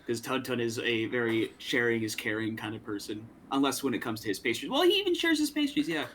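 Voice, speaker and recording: A man's voice: mid-range voice, big pitch swings, fast talker, a bit bright. A man playing a tabletop game who rambles and corrects himself. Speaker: player.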